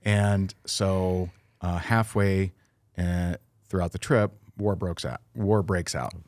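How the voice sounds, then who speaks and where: A man's voice: low-pitched, steady tone, slow pace, a little mellow, dry recording. A middle-aged man talking as a podcast guest, telling an earnest, emotional personal story with many fillers and restarts.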